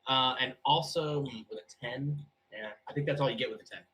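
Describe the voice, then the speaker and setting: A man's voice: medium pitch, brisk, rough recording. Man running a tabletop game, thinking aloud. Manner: relaxed, thinks aloud with many fillers. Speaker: game master. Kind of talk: narrating a tabletop game for new players.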